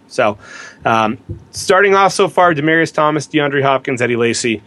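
A man co-hosting a casual sports podcast, talking in an animated way and asking rhetorical questions. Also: fairly high pitch, moderate pace. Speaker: podcast co-host.

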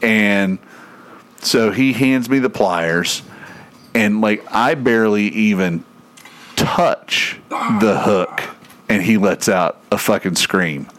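A man's voice: lowish voice, takes it slowly, slight background noise. A man telling a story in casual chat, swearing freely and laughing as he goes. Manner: profane, animated, laughs through his own story.

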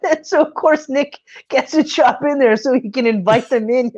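A woman's voice: sits high, moderate pace, darkish tone. A woman in casual chat who laughs often, swears freely and acts out lines from scenes. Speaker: movie fan chatting with a friend. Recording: slightly dull lo-fi recording.

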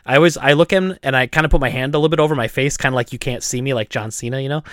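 A man's voice: mid-range voice, racing, dry recording, studio quality. A man, a store owner, chatting casually on a podcast, telling a story with laughs and acted-out voices. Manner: animated, laughing, acts out voices.

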